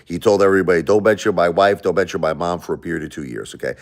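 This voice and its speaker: Deep-voiced man ranting to a livestream. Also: very fast, creaky. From United States. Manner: blunt, confrontational, emotional. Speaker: livestream host. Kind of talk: livestream rant.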